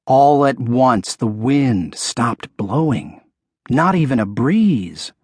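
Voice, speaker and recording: Husky-voiced man reading a children's storybook. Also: no echo, clean studio sound. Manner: expressive storytelling, dropping low for the bull's menace. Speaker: audiobook narrator.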